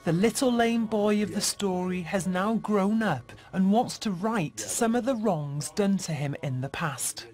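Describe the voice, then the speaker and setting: A woman giving measured documentary narration. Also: medium pitch, darkish tone. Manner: clear, measured. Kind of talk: scripted narration. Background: music.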